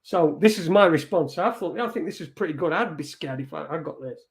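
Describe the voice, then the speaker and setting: A man's voice: on the high side, lively intonation, a little fast. A man hosting an online show, swearing and mocking as he reads out messages. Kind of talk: casual live-stream rant.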